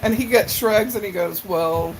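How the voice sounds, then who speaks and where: A woman's voice: on the high side, animated, unhurried, slight background noise, rough recording. A middle-aged woman hosting a live stream in a casual chat, rambling as she greets viewers by name and answers their comments. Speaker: livestream host.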